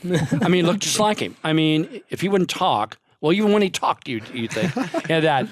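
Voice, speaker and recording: A man's voice: fairly high pitch, expressive, moderate pace, dry recording, clean studio sound. An older man, a guest on a podcast, telling long rambling stories in casual chat and laughing often.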